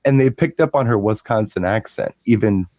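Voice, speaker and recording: A man with a fairly low voice chats casually about his work as a DJ. He rambles and repeats himself as he talks. The recording sounds dry and close, with no room echo. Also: a little mellow, dull audio. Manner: rambling storyteller, repeats words, breaks into quick impressions. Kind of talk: casual chat.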